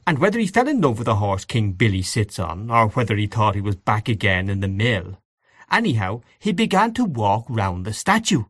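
A man narrating classic fiction in a measured, expressive audiobook reading. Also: fairly low pitch, no echo, clean studio sound.

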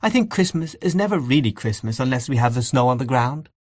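A man reading aloud, voicing a chatty young woman guest who gushes quickly. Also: mid-range voice, animated, a little mellow, no echo, studio quality, voice pushed up, close to an everyday voice. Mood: gushing.

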